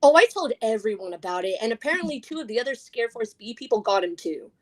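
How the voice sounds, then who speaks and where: A young woman, a guest scare actor, telling stories in casual podcast talk, animated, laughing often and acting out what people said. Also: a little high, fast talker, a crowd in the background.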